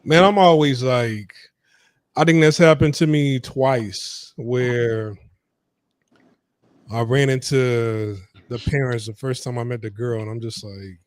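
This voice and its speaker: A man's voice: mid-range voice, steady tone, slow pace, no echo. A man hosting a podcast, asking questions in a laid-back, casual way and swearing now and then. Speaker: podcast host. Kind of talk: casual interview chat.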